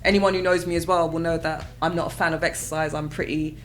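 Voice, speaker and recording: A British woman, a mother, telling her own story in a casual interview, lively and expressive, often acting out her past reactions. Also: low-pitched, fast talker, slight background noise. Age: adult with children. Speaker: guest.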